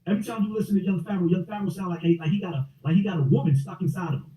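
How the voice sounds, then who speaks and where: High-voiced man ranting, echoey and distant. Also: racing, dark tone. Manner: repetitive, taunting. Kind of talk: mocking rant. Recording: roomy, distant mic with faint music.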